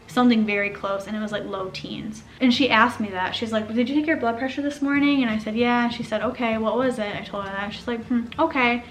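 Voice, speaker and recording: A young woman casually telling her own birth story, chatty and animated, acting out what others said. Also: mid-range voice. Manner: chatty, animated, acts out quoted speech.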